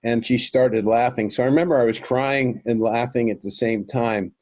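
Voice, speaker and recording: A man's voice: medium pitch, normal speed, a little mellow, no echo. A man telling a long personal story as an interview guest, earnest and rambling, with many fillers and restarts. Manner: earnest, addresses listeners as folks. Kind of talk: recounting a personal experience.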